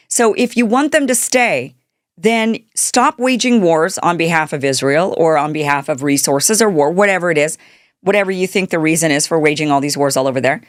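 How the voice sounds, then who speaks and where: A woman's voice: sits low, fairly quick, no room sound, clean studio sound. A woman hosting a political commentary show, talking off the cuff in an indignant tone, firing rhetorical questions and restarting her sentences. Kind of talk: unscripted political commentary monologue.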